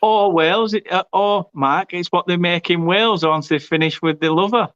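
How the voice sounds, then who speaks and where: A man's voice: sits high, normal speed, a bit bright, smooth, dry recording. A man hosting a live football watchalong, reading out viewer comments and cracking jokes, often repeating his words. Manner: chatty, jokey, stumbles and repeats words. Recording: dull lo-fi stream audio.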